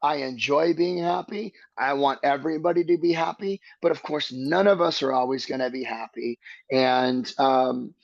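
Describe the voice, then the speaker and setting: A man's voice: mid-range voice, normal speed, vocal fry, no room sound, highs cut off. A man speaking as a podcast guest, earnest and searching, building his thoughts step by step in a reflective conversation.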